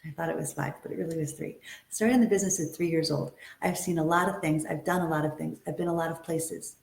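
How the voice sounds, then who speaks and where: A woman coach delivers a motivational webinar talk, upbeat and emphatic, repeating her key phrases. Her voice sits on the low side. The room around her is noticeably echoey. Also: fairly even intonation, quick pace, creaky, a little mellow. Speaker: acting and modeling coach.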